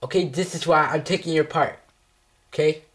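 A man's voice: on the high side, steady tone, normal speed, fairly bright tone. A male vlogger in a comedic scolding skit, swearing heavily and repeating mock threats and taunts.

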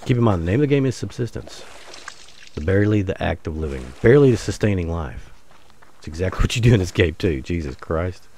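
Deep-voiced man rambling over gameplay. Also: expressive, fast talker, dark tone, slight background noise. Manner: rambling, jokey, mutters asides to viewers. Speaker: gaming channel host. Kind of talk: casual solo gameplay commentary.

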